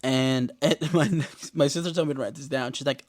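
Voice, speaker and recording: A man hosting a casual podcast recap, joking and swearing in loose slang, sometimes breaking into loud, high-pitched exclamations. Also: fairly even intonation, fairly quick. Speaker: podcast host.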